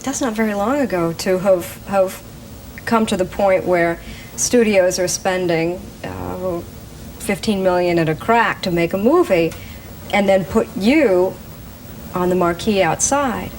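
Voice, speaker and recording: Brisk woman TV interviewer. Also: lowish voice, darkish tone, a little hiss or hum, poor audio. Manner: brisk, probing questions. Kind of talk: TV interview questions.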